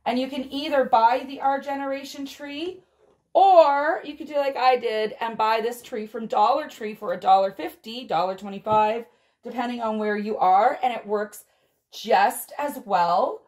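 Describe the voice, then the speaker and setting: A woman unboxing a doll advent calendar on a vlog, gushing and gasping with excitement as she talks straight to her viewers. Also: on the high side, normal speed. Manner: gushing, excitable, frequent gasps and exclamations. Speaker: doll collector vlogger.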